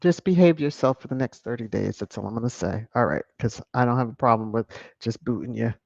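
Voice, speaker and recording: A woman's voice: very deep voice, brisk, vocal fry, a little mellow, husky, no echo. A woman hosting a live stream in casual chat, thanking viewers by name. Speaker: YouTube live stream host. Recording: dull lo-fi dry sound.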